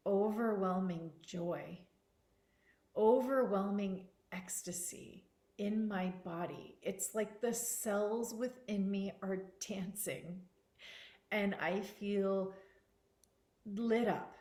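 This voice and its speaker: A woman speaking as a spiritual teacher, slow, soft and earnest, repeating words for emphasis. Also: medium pitch, reverberant.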